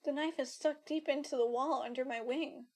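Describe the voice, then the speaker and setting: A woman's voice: high voice, steady tone, normal speed. A woman streamer reading a visual novel aloud, narrating steadily with casual asides. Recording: game music playing behind.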